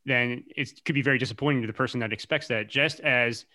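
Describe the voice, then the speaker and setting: A man's voice: mid-range voice, fast talker, bright, forceful tone. A man hosting a casual podcast chat who jokes around and laughs often while asking questions. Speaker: podcast host.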